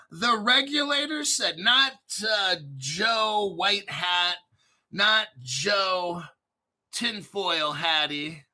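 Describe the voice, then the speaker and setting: A man hosting a crypto show, talking off the cuff in a brash, profane way, swinging between muttered asides and loud, hyped outbursts. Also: high voice. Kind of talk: unscripted livestream commentary.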